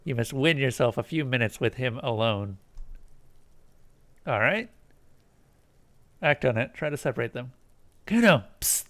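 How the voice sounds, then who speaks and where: Man quietly reading a game's text aloud. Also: medium pitch, unhurried, pauses often. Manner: reads narration quietly, with casual asides. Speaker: streamer. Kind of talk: let's play, reading game text aloud.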